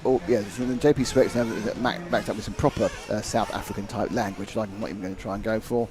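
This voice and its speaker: A man's voice: lowish voice, fairly even intonation, fast. A man doing live race commentary, chatty and jokey, reading out viewer comments.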